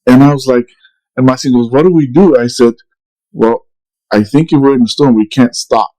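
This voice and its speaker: A man's voice: medium pitch, fairly even intonation, moderate pace, warm tone, rough recording. A middle-aged man casually telling a long story on a podcast, rambling with many restarts and quoted dialogue. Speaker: podcast co-host.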